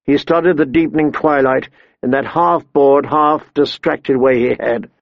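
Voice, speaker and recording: Gravelly male audiobook narrator. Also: medium pitch, fairly even intonation, no room sound, highs cut off. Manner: measured storytelling delivery.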